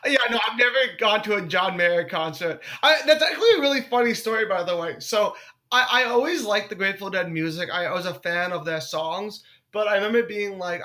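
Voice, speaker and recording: A young man, a comedian guest on a casual podcast, telling animated stories, swearing freely and acting out what people said. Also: high voice, fairly quick. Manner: animated storyteller, swears freely, acts out quotes.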